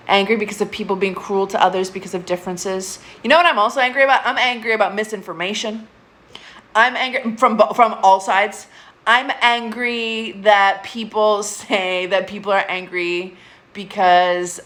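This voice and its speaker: A woman's voice: medium pitch, fairly bright tone. Woman, 30s; therapist hosting a live stream, candid and profane, keeps talking straight to her viewers. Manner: candid, swears often, urges viewers to comment.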